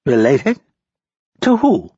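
A man's voice: mid-range voice, wildly swooping pitch, slow pace, warm tone, slightly rough, no echo, lo-fi sound, voice pushed up, full character voice. A man voicing a cruel, mocking male captor who taunts and interrogates a prisoner. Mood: menacing. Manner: menacing, taunting.

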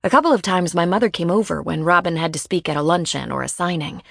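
A woman reading a first-person audiobook in a measured, even storytelling manner, on a close studio mic. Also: fairly low pitch, vocal fry, no echo. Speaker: audiobook narrator.

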